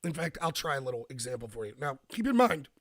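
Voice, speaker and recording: A man hosting a live-streamed political commentary show, talking emphatically with bursts of rapid speech and a slightly rough voice. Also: medium pitch, sing-song, fairly bright tone, dry recording, clean studio sound.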